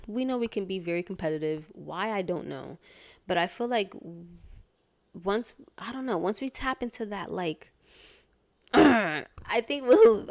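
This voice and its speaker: A woman's voice: mid-range voice, darkish tone. Woman, vlogger, from Connecticut, earnest, casual monologue, rambling, many fillers. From Hartford, Connecticut, USA. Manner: earnest, rambling, heavy use of "like" and restarts.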